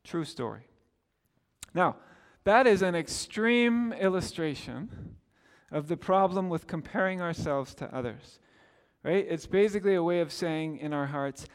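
High-voiced man preaching in a hall. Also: lively intonation, a little slow, smooth. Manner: storytelling, conversational with acted quotes. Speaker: pastor. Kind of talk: sermon.

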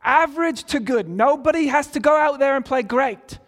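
A man putting on a British accent to voice an angry, red-faced male soccer coach shouting a halftime speech. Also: extremely high pitch, moderate pace, big-room sound, pitched above the performer's own voice. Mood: stern lecturing. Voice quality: shouting, clipped and stern.

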